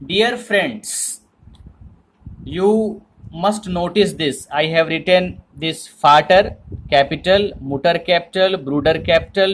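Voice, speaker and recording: A man teaching a German lesson in English, explaining slowly and repeating himself with frequent "okay"s. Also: a little high, fairly bright tone, slight background noise, low-quality recording. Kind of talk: language lesson.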